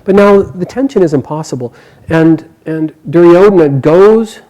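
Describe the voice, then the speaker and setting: A man casually retelling an epic story aloud, animated, with quick bursts and hushed quoted lines. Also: on the high side, rough recording.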